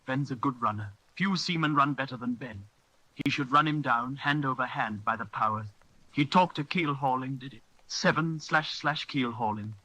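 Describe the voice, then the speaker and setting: A man's voice: medium pitch, normal speed, sharp tone, pitched above the performer's own voice, rough recording. A man voicing a hearty, cunning one-legged pirate cook who talks in bluff, blustering sea-dog phrases. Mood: excited.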